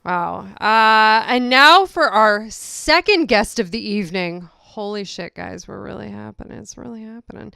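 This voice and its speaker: A bright, smooth-voiced woman hosts a comedy show, giddy and a bit awkward. Her tone is forceful and crisp, recorded dry up close. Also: mid-range voice, animated, moderate pace, hardly any pauses, no echo. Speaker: show host.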